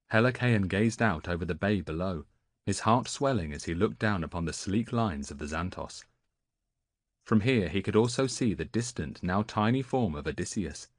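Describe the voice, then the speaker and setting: A male audiobook narrator with a deep voice reads a scripted narration. The recording is dry and of studio quality.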